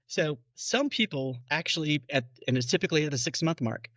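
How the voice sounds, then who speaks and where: Bright-voiced doctor explaining to patients. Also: male voice, fairly high pitch, animated, fairly quick, dry recording, dull audio. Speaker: bariatric physician. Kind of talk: podcast interview explanation.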